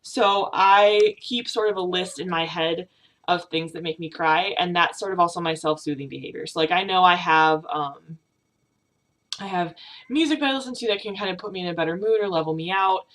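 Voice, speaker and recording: A young woman vlogging about her feelings, on the verge of tears, talking haltingly with many fillers and restarts. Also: on the low side, a bit bright. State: tearful, on the verge of crying. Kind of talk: personal confessional vlog.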